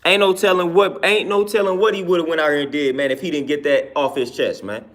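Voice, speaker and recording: This male personal trainer speaks fast, with a somewhat high, fairly bright voice and mostly even intonation. His casual monologue is earnest, peppered with "man" at sentence ends and repeated "you know what I'm saying."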